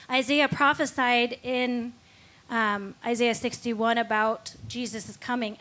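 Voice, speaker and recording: A woman's voice: a little high, a bit bright. A woman giving a candid, reflective faith testimony as a guest on a Christian talk show.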